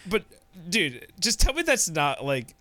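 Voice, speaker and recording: A man's voice: high-pitched, wildly swooping pitch, a little slow, sharp tone. A young man rambling through a profane, joking podcast chat, acting out little skits as he goes. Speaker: podcast co-host. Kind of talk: casual chat.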